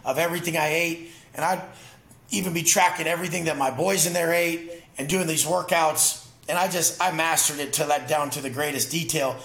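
A man's voice: a little high, fairly bright tone, reverberant. A man talking as an interview guest, intense and profane, telling emphatic stories in casual conversation. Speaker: podcast guest.

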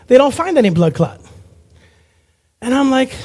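An evangelist delivers a sermon built on his own testimony, speaking at a normal pace in a husky voice. He tells his story with animation, performs other people's lines, and sinks low and quiet to stress a point.

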